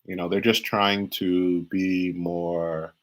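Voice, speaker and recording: A man's voice: deep voice, flat delivery, slow pace, poor audio. A man giving a live-streamed tarot reading in a casual, rambling way, restarting and repeating phrases as he talks. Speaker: tarot reader.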